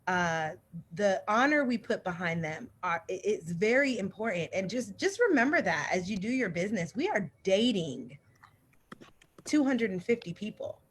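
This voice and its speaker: A woman gives a casual marketing talk over a video call. She speaks in a direct and lively way at a middling pitch. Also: normal speed, slight background noise. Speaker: guest speaker, marketing consultant. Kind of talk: casual online workshop talk.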